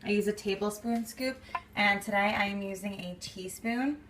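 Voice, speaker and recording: A woman's voice: mid-range voice, moderate pace, a bit bright, slight background noise. A young woman vlogging in a casual, chatty way, saying "like" constantly and laughing through her frustration. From New York. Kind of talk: casual vlog chat.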